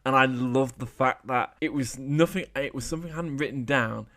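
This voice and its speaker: A man's voice: mid-range voice, brisk, fairly bright tone. A man hosting a podcast who chats casually and rambles through stories about running a game session, with many restarts. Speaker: podcast host and game master. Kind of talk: casual chat.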